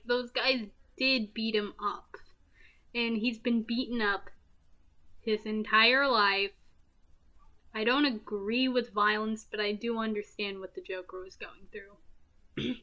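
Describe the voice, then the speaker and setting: A woman's voice: on the high side, pushed and bright. A woman giving a casual, rambling movie recap with goofy, self-mocking asides and giggles. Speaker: movie reviewer.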